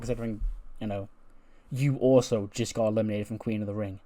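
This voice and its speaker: A man's voice: on the low side, fairly even intonation, a little fast, warm tone. Casual man narrating a wrestling sim. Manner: acts out dialogue in put-on voices, laughs often. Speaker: gameplay commentator. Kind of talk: casual game commentary with acted-out dialogue.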